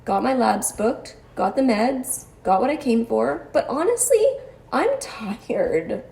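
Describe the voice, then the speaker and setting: A woman's voice: a little high, very animated, measured pace, gravelly, dark tone. A woman telling her own story as a patient in a personal monologue, articulate and precise, with a wry, exasperated edge. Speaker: cancer patient sharing her experience.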